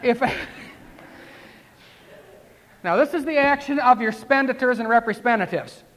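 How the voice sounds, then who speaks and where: A man's voice: extremely high pitch, slow, a bit bright, long reverb tail. A man preaching a sermon, talking conversationally and then building to emphatic declarations. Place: church.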